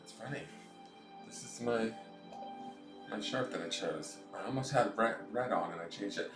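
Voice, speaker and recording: A man's voice: on the low side, normal speed, pauses often, roomy sound, music in the background. A man with a nasal voice, hosting a tarot live stream from home and chatting goofily with viewers. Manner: goofy, chatty, reads out viewer comments.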